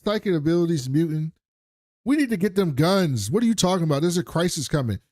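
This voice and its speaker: A man's voice: fairly high pitch, lively intonation, fast talker, a little mellow, dry recording, studio quality, voice pushed up, close to an everyday voice. Man playing a smug mayor, scoffing and dismissive.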